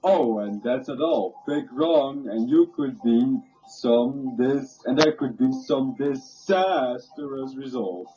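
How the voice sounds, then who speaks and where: A man's voice: medium pitch, slow, few pauses, mellow, distant mic, natural voice. A man doing a cheesy game show announcer. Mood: hammy. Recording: dull lo-fi home recording with faint music.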